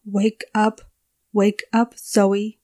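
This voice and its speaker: A woman's voice: a little high, level tone, slow pace, mellow. A woman reading as a frightened young woman lost in a dream, calling out anxiously in a storybook reading. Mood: panicked.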